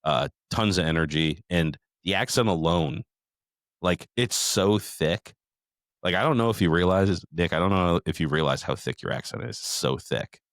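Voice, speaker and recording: Middle-aged male podcast host, deep voice, dry close mic, profane rambling storyteller. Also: expressive, normal speed, a bit bright, no echo. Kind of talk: casual recap chat.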